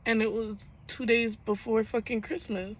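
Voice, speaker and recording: In a rough recording, a young woman talks to the camera for her vlog about a painful personal experience. Her slightly high voice stays level in tone but falters as she struggles not to cry.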